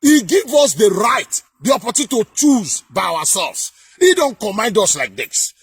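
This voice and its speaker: A man delivering heated political commentary in a vlog, emphatic and sing-song, often breaking into shouts. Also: high voice, sing-song, moderate pace, few pauses, breathy edge, no room sound, studio quality.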